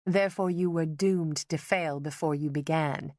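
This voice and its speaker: A woman voicing a poised young artist daughter with a low, smooth voice, dry and teasing, in an audiobook. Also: fairly even intonation, moderate pace, a little mellow, no echo, close to an everyday voice. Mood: cool teasing. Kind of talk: audiobook character voice.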